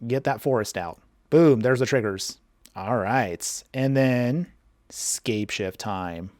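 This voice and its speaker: A man giving excited card game commentary and a deck guide, laughing often and talking straight to his viewers. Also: medium pitch, takes it slowly, no room sound, clean studio sound. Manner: chatty, addresses viewers directly. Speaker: card game content creator.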